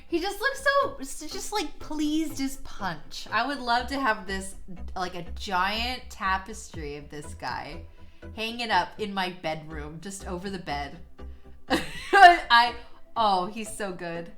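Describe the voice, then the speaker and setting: A young woman streaming while she draws, gushing excitably, swearing a lot, laughing often and trailing off mid-sentence. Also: mid-range voice, takes it slowly, faint music behind. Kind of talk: casual live-stream chat while drawing.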